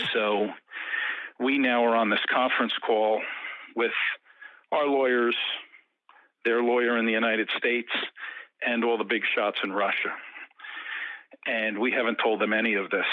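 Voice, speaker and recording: A man's voice: medium pitch, no room sound. Man telling a story over the phone. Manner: lively, talkative storyteller. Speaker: guest. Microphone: phone call. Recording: tinny phone line.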